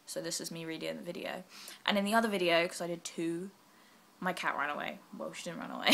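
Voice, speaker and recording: A young woman vlogging casually while she is unwell, rambling and self-deprecating with quick asides. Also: fairly low pitch, steady tone, vocal fry, fairly bright tone. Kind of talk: casual vlog chat.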